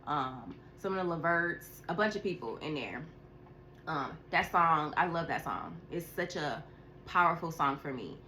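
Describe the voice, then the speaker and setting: Bright-voiced chatty woman telling a story. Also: sits low, slight background noise. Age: adult with a school-age daughter. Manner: animated, chatty, laughs and sighs often. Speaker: tarot reader. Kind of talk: casual storytelling vlog.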